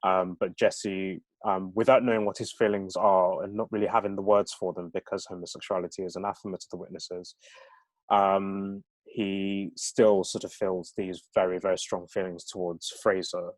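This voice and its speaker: A man's voice: low-pitched, level tone, normal speed, dry recording. A male author talking at a book event and reading from his novel, with many hesitations.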